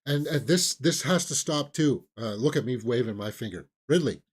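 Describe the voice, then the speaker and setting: A man's voice: medium pitch, expressive, moderate pace, slightly rough. A man hosting a casual movie news stream, rambling and opinionated, with lots of fillers and restarts. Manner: sarcastic, mocking impressions of celebrities. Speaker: movie news show host. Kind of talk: casual live-stream chat.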